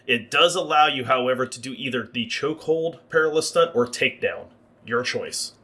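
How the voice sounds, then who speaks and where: A man's voice: mid-range voice, moderate pace, sharp tone. A man narrating as game master for a livestreamed tabletop game, explaining the rules at length.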